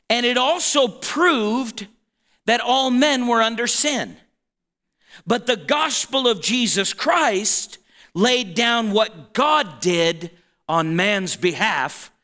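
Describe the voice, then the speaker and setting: A man preaching a sermon in an animated, emphatic way, with playful asides. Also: very high voice.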